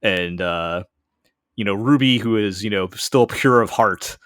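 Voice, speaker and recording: A man's voice: lowish voice, unhurried, a bit bright, clear, resonant tone, dry recording, studio quality. A man co-hosting a podcast in casual chat, hesitant, often restarting his sentences. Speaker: podcast co-host.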